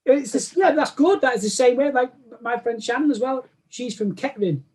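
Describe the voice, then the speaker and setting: A man's voice: very high-pitched, a little fast, darkish tone, husky. A man with a Manchester accent, a guest chatting casually in an interview and often restarting his sentences. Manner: rambling, lots of restarts and self-corrections. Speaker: guest cosplayer.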